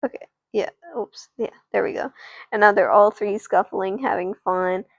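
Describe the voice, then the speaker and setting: Woman, streamer, casual story narration, rambling, gravelly, dry close sound. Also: mid-range voice, steady tone, moderate pace, no room sound. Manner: rambling, restarts, chats to viewers.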